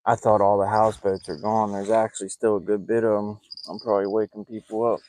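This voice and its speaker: A man's voice: level tone, fast, darkish tone, rough recording. A man telling stories and joking while fishing from a boat on a lake at night, keeping his voice down. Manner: chatty, joking, keeps his voice low. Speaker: fishing vlogger. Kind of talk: casual storytelling while fishing.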